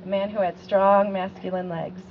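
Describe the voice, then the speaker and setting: A woman's voice: medium pitch, level tone, normal speed, background noise. A woman speaks her wedding vows as the bride, earnest and heartfelt, her voice sitting in an easy middle range. The sound is dull and a little lo-fi, like a home video recorded outdoors by a lake. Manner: heartfelt, earnest, with soft laughs.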